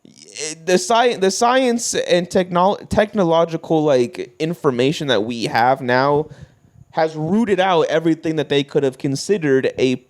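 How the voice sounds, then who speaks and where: A young man co-hosting a podcast in casual chat, animated and profane, acting out bits of quoted voices. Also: fairly high pitch, measured pace. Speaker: podcast co-host.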